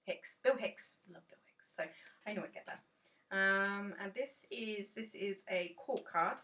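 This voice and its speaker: Bright-voiced gushing woman. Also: mid-range voice, a little slow, far from the mic. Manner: enthusiastic, gushing, chatty. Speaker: tarot deck reviewer. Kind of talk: rambling casual chat. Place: dim room indoors.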